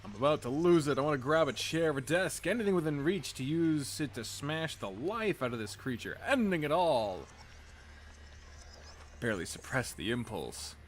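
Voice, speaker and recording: A man's voice: on the high side, very animated, moderate pace, slight background noise. A man reading aloud the first-person narration of a troubled young male protagonist from a visual novel, in a tense manner.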